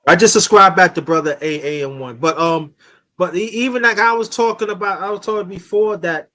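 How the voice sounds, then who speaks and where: Host, male, high bright voice, rambling chatty storyteller who restarts his sentences. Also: a little fast. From New York. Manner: rambling, repeats himself, restarts often. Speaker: YouTube channel host. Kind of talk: casual storytelling on a live chat.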